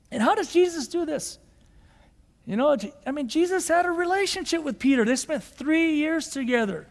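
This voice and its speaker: A man's voice: extremely high pitch, lively intonation, moderate pace, gravelly, big-room sound. A man, a pastor, preaching a sermon and acting out quoted dialogue with animation.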